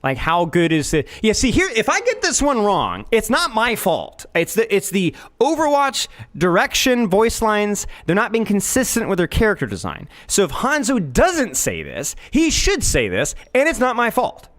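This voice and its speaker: A man competes in a casual gaming quiz, stumbling over his words and mocking his own guesses. His voice sits a little high and leaps wildly up and down as he talks himself through each answer. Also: moderate pace, hardly any pauses. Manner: stammering, animated, self-mocking. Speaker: quiz contestant.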